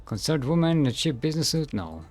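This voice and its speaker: A man's voice: a little high, sing-song, fast talker. Casting: male game streamer, casual commentary, mutters and hums to himself, faint music behind.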